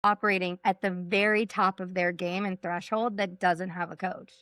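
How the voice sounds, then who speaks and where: A woman's voice: fairly low pitch, fairly even intonation, normal speed, fairly bright tone, no room sound. A woman from Texas, a sales coach, talking emphatically in a podcast interview and repeating her points for punch. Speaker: executive coach and sales trainer, guest.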